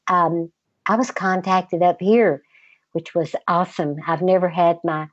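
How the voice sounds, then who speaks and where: An older woman with a Southern accent, a guest in a relaxed interview, talking in a slow, patient drawl with a slightly girlish voice. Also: on the low side, no room sound, dull audio. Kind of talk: casual interview chat.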